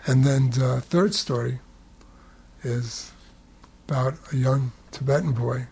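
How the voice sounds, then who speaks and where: A man telling a spiritual story in a relaxed, conversational way, with humorous asides. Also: mid-range voice, takes it slowly, creaky, breathy edge.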